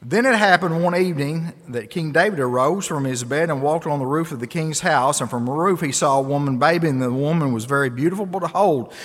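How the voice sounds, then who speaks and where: A man's voice: on the high side, brisk, few pauses. Male pastor preaching in a church, earnest with emphatic peaks, long hall reverb. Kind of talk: sermon. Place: church sanctuary.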